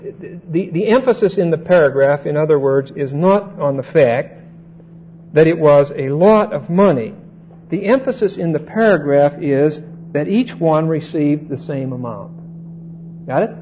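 A man's voice: on the high side, dark tone, lo-fi sound, a little hiss or hum. A man giving a conversational Bible lesson, repeating his points and checking in with his listeners. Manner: unhurried, repeats points and checks understanding with "okay?". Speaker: Bible teacher.

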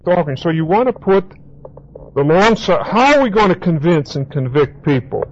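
A man's voice: a little high, big pitch swings, normal speed. A man preaching a Bible teaching sermon, repeating key words for emphasis and spelling out Greek terms. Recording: dull lo-fi recording with faint hiss.

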